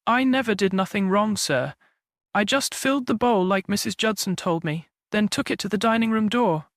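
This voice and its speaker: A man's voice: high voice, moderate pace, fairly bright tone, dry recording, studio quality. A man voicing an anxious young male gardener's boy who talks in country dialect, in an audiobook mystery.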